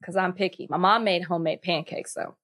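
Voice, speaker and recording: A woman's voice: fairly low pitch, steady tone, brisk, fairly bright tone. A woman co-hosting a podcast in casual chat, playful and teasing, often laughing. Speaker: podcast co-host.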